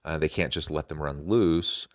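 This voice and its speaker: A man's voice: extremely low pitch, moderate pace. A man hosting a podcast, talking earnestly and enthusiastically about a talk, with some fillers and restarts. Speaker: podcast host. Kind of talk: podcast commentary.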